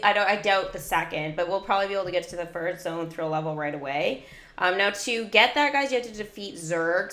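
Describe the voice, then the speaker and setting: A woman livestreams a mobile game, chatting casually, giggling often, and leaning heavily on "like." Her voice is on the low side with a fairly bright tone, and the sound is roomy.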